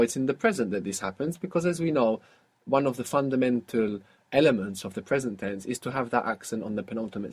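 A man's voice: mid-range voice, darkish tone, husky. A man teaching a guided audio language lesson, patiently asking questions and explaining step by step.

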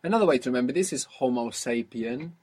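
A man's voice: mid-range voice, expressive, fast talker, a little mellow, husky. A man teaching a language lesson, patiently asking questions and repeating the answers. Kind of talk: guided audio language lesson.

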